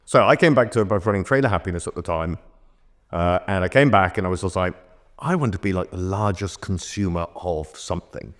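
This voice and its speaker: Middle-aged male bar-trade guest, very low voice, loose rambling anecdotes, casual chat. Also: brisk, a bit bright. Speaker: bartender guest. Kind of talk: casual conversation.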